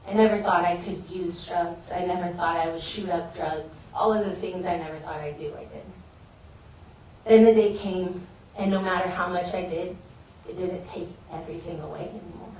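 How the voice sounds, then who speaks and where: A woman's voice: on the low side, fairly even intonation, moderate pace, darkish tone, dull audio, slight background noise. A woman gives an earnest, heartfelt personal testimony as a guest speaker at a college event. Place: large building at a college event. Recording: echoey hall from a distance.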